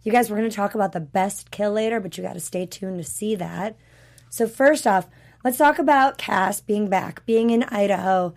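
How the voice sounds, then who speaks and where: A woman co-hosting a casual TV review chat, a little hoarse from being sick, who talks in a chatty, animated way and acts out the characters' lines. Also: medium pitch, normal speed. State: sick with a rough voice. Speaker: podcast co-host.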